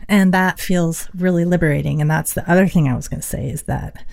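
A woman's voice: fairly low pitch, brisk, gravelly, darkish tone. A middle-aged woman musician talking reflectively in an interview, with many fillers. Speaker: musician guest. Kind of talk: casual interview talk.

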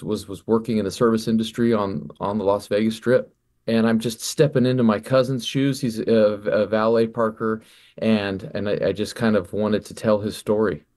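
A man in his forties, a musician on the radio, talking about his album in a relaxed, reflective way and often repeating words as he thinks. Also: lowish voice. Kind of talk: relaxed radio interview talk.

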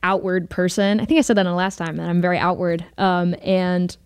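A woman's voice: lowish voice, level tone, a little fast, smooth, dry recording. A young woman in her twenties, a band singer chatting casually in a radio interview, laughing often and using plenty of fillers.

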